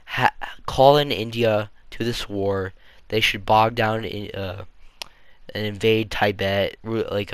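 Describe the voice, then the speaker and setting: A man talks through his views in a loose, rambling way, stopping and restarting. His voice sits a little low and comes across smooth and clear. The sound is close and dry. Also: fairly bright tone, no room sound. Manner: rambling, offhand, full of fillers and restarts. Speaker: video creator. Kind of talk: casual opinion monologue.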